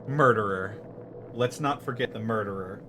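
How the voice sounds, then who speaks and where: A man's voice: lowish voice, normal speed. A man streaming a video game live, commenting with wry, joking asides. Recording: noisy background hiss.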